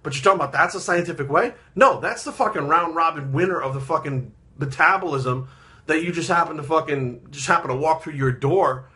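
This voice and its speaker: A man's voice: a little high, fairly quick, sharp tone. A man, a fitness trainer, ranting bluntly and heatedly in a profane vlog monologue.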